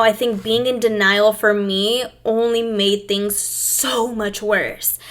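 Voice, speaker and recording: A young woman hosting her own video, talking to camera in a reflective, emotional way, with pauses and restarts. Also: mid-range voice, a bit bright. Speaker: host. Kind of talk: personal talk to camera.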